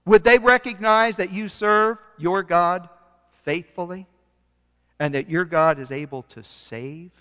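A man preaching a sermon, reading scripture aloud and swinging between loud emphasis and quiet passages, sometimes losing his place and correcting himself. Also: high-pitched, unhurried, clean tone, in a large hall. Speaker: pastor.

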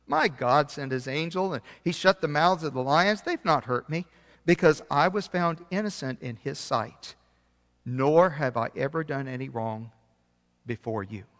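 A man preaching a sermon, reading scripture aloud and swinging between loud emphasis and quiet passages, sometimes losing his place and correcting himself. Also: fairly high pitch, measured pace, big-room sound. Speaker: pastor.

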